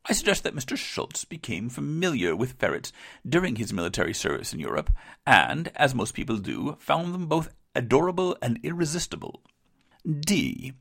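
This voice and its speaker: A man's voice: medium pitch, big pitch swings, moderate pace, creaky, fairly bright tone, voice pushed up, exaggerated voice. A man voicing a woman fan who earnestly argues a quirky theory, in a put-on bad British accent. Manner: earnest, rambling, self-aware. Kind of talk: mock recreation reading.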